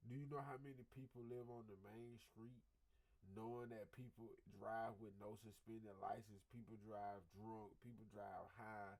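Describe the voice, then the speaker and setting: A man's voice: fairly low pitch, flat delivery, moderate pace, a little mellow, poor audio. A man giving blunt, slangy reaction commentary on stream, repeating himself and acting out what he would have said.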